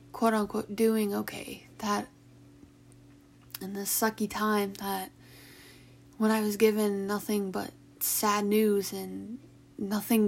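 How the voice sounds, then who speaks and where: Young woman vlogger, mid-pitch voice, emotional and halting, sighs between restarts. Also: gravelly. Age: young adult. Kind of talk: personal confessional talk.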